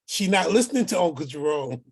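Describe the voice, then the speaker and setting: With a high-sitting, breathy voice, a man narrates a family story as its uncle, performing everyone's words and hammering points by repeating phrases.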